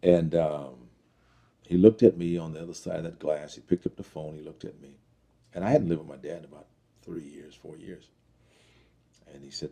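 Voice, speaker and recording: Middle-aged man, interview guest; low, raspy, dark timbre, reflective and earnest. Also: steady tone. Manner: earnest, reflective, halting with fillers. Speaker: interview guest telling his life story. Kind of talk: personal testimony interview.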